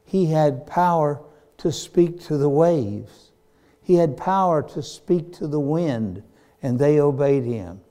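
A man preaching a sermon in a slow, drawn-out cadence. His voice is mellow and dark, sitting a little high for a man. He leans on repetition and long pauses for emphasis. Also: animated.

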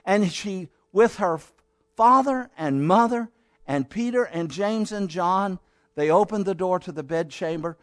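A man preaching with a notably high voice. He tells the story dramatically, dropping to a hush and then rising to loud declarations. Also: unhurried. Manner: dramatic, swinging from hushed to loud. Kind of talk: sermon.

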